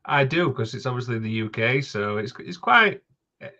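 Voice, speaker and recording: Chipper male panelist, bright voice, muffled remote mic. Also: medium pitch, expressive, normal speed. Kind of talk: casual chat. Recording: dull lo-fi mic.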